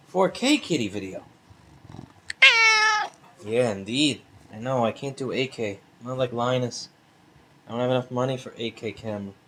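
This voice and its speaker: A man's voice: mid-range voice, roomy sound, a little hiss or hum. A man hosting his channel, chatting casually and playfully to his pet cat, cooing and teasing in baby talk at home. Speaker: channel host.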